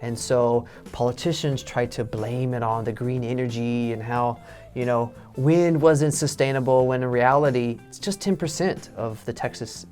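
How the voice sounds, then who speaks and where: A man in a relaxed English lesson, explaining with casual fillers. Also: medium pitch, moderate pace, soft background music. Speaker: English teacher. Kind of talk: casual teaching chat.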